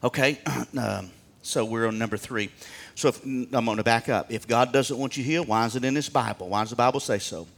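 A man preaching a sermon in a church, folksy and fervent, rising to near-shouts and dropping to hushed asides. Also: medium pitch, fairly quick, gravelly. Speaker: pastor.

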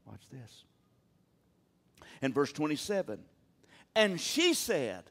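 A man's voice: sits high, huge pitch swings, a little slow, pauses often, a bit bright. A man preaching a sermon, talking emphatically and calling on the congregation to answer him. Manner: emphatic, calls on the congregation to respond.

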